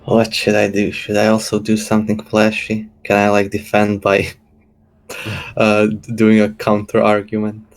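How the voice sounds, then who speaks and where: A man's voice: on the low side, monotone, a little slow. A man playing a tabletop game, hesitant and unsure, thinking aloud. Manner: hesitant, unsure, laughs nervously. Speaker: player. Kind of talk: casual tabletop game play.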